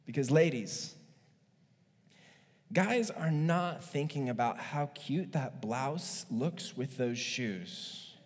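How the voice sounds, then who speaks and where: A male pastor preaching a sermon in an animated, joking way, acting out stories as he goes. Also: mid-range voice, slow pace, long reverb tail.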